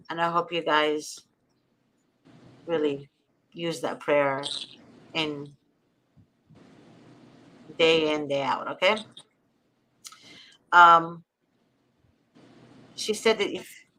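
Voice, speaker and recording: Earnest woman with a bright voice. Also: low-pitched, rough recording. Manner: earnest, heartfelt, slow and deliberate when reading. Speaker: guest. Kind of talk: personal storytelling and prayer reading.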